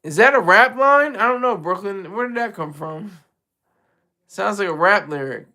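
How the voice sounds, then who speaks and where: Live host, casual rambling chat, bright forceful tone, lots of restarts and laughs. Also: medium pitch, animated, normal speed. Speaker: livestream host.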